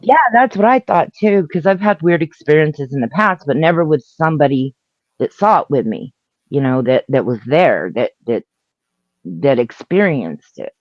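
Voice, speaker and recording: A woman telling a story on a live stream in a halting way, laughing and restarting her sentences. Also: low voice, animated, a little mellow, dry recording, muffled recording. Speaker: guest storyteller. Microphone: video call.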